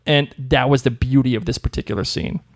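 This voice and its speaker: A man's voice: medium pitch, steady tone, a little fast, no echo. Teasing man podcast co-host, dry mic. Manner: teasing, upbeat, laughs a lot. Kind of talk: casual chat.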